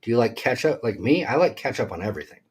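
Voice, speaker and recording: Husky, joking man on a livestream. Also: medium pitch, sing-song, fast. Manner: joking, rambling, reads chat aloud. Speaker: livestream co-host. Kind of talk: casual live-stream chat.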